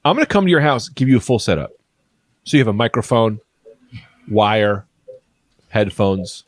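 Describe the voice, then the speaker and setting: A man riffing through an improvised comedy podcast, rambling and deadpan-absurd, speaking into a studio microphone. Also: fairly low pitch, moderate pace, dry recording. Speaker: podcast co-host.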